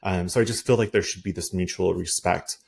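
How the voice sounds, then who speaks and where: A man's voice: low voice, steady tone, fairly quick, creaky, darkish tone, husky. A man who works as a realtor, telling a story on a podcast in a rambling, heated way with many "like" and "um" fillers. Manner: heated, indignant.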